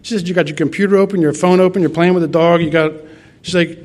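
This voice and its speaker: A man's voice: fairly high pitch, brisk, slight background noise. A middle-aged man from Tennessee giving an earnest, rambling personal testimony at a recovery meeting, acting out quoted dialogue as he goes.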